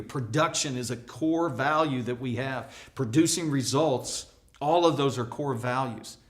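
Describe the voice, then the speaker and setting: A man giving a motivational workplace leadership lesson, energetic and acting out little dialogues as he teaches. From United States. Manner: energetic, acts out dialogue with pitch jumps. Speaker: leadership speaker.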